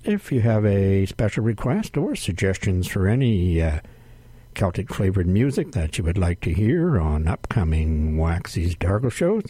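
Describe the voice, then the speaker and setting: A man hosting a radio music show from a studio, announcing tracks in an unhurried way with frequent "uh" fillers. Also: sits low, big pitch swings, mellow, breathy edge, dry recording. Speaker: radio host.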